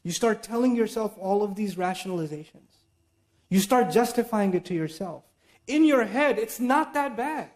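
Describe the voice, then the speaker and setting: A man giving a religious lecture in an animated, conversational way, now and then reciting Arabic verses. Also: high voice, normal speed. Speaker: Islamic lecturer.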